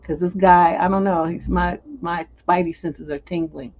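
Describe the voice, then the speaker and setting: A woman's voice: on the low side, fairly even intonation, normal speed, darkish tone, dull audio. A middle-aged woman hosting a live relationship advice stream, speaking bluntly and emphatically, with some profanity. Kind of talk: live advice stream, answering a viewer letter.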